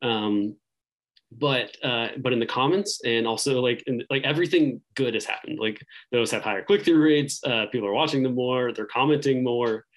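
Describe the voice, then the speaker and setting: A man talking as a podcast guest in casual interview chat, rambling and thinking aloud, filling pauses with "like" and "um" and restarting his sentences. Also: mid-range voice, rough recording. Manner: rambling, heavy use of "like" and "um".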